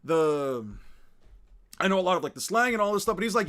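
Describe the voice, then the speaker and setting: A man's voice: high-pitched, animated, a little fast, pauses often, fairly bright tone. A young man streaming and chatting casually, rambling through his points with constant filler words and restarts. He is laid-back, laughs easily and swears now and then.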